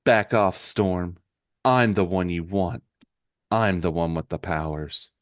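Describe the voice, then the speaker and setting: A man's voice: low-pitched, slow, no echo, clean studio sound. A man voicing a defiant young woman with fire powers in a comic read-aloud.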